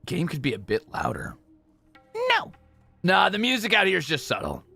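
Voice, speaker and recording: Lively, bright-voiced male streamer. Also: high-pitched, normal speed, gravelly, breathy edge, dry recording, soft background music. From Europe. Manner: chatty, self-correcting, jokey. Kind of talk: casual gameplay stream chatter.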